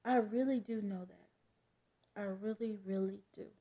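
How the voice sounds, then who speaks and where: A woman's voice: fairly high pitch, unhurried, dark tone. A woman reading as a worried teenage girl. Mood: troubled. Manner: earnest, questioning. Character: anxious teenage adopted girl. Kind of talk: comic book read-aloud.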